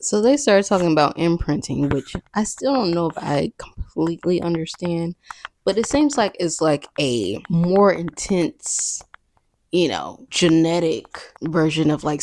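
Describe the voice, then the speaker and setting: A woman's voice: low voice, expressive, a little slow, a little mellow, a little hiss or hum. A woman hosting a podcast, chatting casually through a film recap with sassy asides. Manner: chatty, sassy asides, breaks into character voices. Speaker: podcast host.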